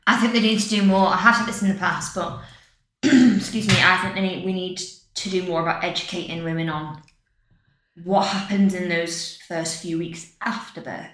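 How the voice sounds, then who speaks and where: Lower-voiced woman hosting a podcast. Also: steady tone, normal speed, a bit bright. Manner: reflective, agreeing, shares her own experience. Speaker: podcast host. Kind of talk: casual chat. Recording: roomy echo.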